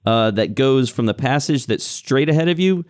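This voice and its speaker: A man acting as game master, describing scenes and calling turns in an unhurried, descriptive way. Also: mid-range voice, animated, a little mellow, clear, resonant tone, no room sound, studio quality. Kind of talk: narrating a tabletop game.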